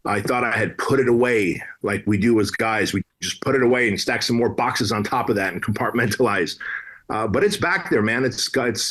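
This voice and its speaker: An Armenian man in his late thirties or older guests on a podcast, telling a personal story bluntly and casually, full of slang and swearing. His voice is mid-range with a fairly bright tone.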